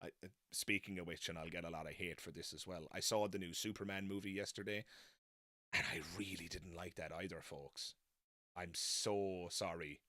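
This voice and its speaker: A man's voice: deep voice, fairly even intonation, moderate pace, sharp tone, dry recording, clean studio sound. A man hosting a live stream, chatting casually and self-deprecatingly, wandering off into tangents. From not American. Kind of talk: casual rambling live chat.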